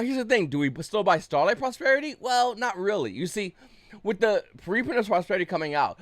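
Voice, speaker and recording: A young man talks markets to camera at a rapid clip, his voice high and lively. He is blunt and swears freely, tipping into agitated rants. The sound is dry and close. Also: no echo. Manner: blunt, profane, gets agitated and loud. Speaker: YouTube card game market commentator. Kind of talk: casual ranting commentary.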